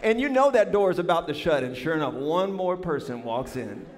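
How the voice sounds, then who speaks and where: A man preaching a sermon, telling a funny story with lively emphasis and calling the congregation y'all. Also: a little high, a little fast. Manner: animated, drawling, addresses congregation as y'all. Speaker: pastor. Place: large church sanctuary. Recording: long hall reverb.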